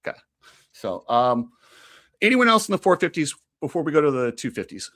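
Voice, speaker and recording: A man co-hosting a casual motocross talk show, opinionated and quick to laugh. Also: fairly high pitch, big pitch swings, bright, forceful tone. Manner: chatty, opinionated, laughs easily. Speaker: podcast co-host.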